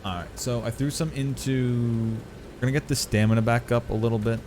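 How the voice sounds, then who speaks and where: A man's voice: medium pitch, fairly even intonation, fairly quick, darkish tone, a little hiss or hum. A man streaming a video game, chatting casually with his viewers and swearing now and then. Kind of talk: casual gameplay commentary.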